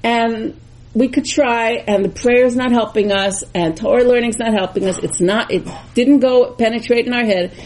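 A woman's voice: fairly high pitch, fairly even intonation, moderate pace, darkish tone, low-quality recording. A woman teaching a Torah class, speaking earnestly and bluntly and repeating phrases for emphasis. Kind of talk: religious class talk.

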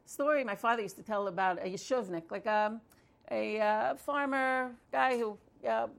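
A woman's voice: a little high, normal speed, vocal fry. A woman telling a story in a conversational way, with fillers and restarts. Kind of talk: storytelling talk.

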